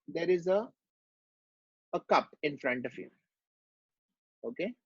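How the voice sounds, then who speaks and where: A man's voice: high voice, a little mellow, no echo, muffled recording. A man giving a medical lecture, explaining step by step and asking rhetorical questions.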